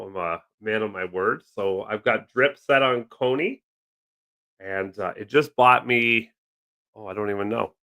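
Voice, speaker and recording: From his home desk with several monitors, a man hosts a casual livestream, rambling and joking while he reads and answers the chat. His voice is fairly low, with vocal fry and a sharp tone.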